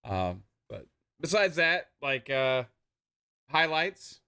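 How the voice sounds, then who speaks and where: A man's voice: on the high side, big pitch swings, slow pace, vocal fry, sharp tone, clean tone. A man co-hosting a live stream, chatting casually and enthusiastically about game trailers in loose slangy talk. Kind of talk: casual gaming show chat.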